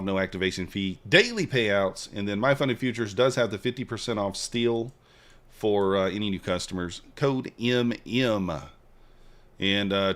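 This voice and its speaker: A man's voice: lowish voice, fairly bright tone. A man streaming live futures trades, chatting casually with his viewers, joking and hyping his trades. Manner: chatty, joking with chat, banters and hypes trades.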